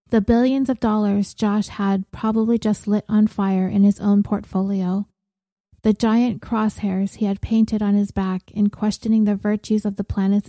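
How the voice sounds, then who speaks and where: A woman reading a novel aloud as narrator, in a measured, gentle storytelling manner. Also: mid-range voice, no echo. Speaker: audiobook narrator. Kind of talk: scripted narration.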